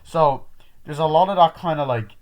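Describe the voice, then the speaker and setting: A man giving a casual, rambling movie review, swearing freely and acting out scenes in quick quoted voices. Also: a little high, lo-fi sound.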